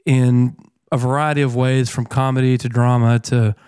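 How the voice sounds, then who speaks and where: A man hosting an interview, asking questions in a rambling way with frequent pauses. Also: medium pitch, little pitch movement, darkish tone, smooth, dry recording, studio quality. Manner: rambling, hesitant, many "uh" and "um" pauses. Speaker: interview host. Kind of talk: casual interview chat.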